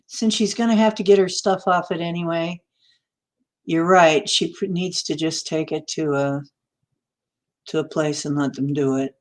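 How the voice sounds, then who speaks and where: A woman with a low, fairly even voice chats casually with her livestream viewers at a normal pace. She laughs often and greets people by name as she hosts.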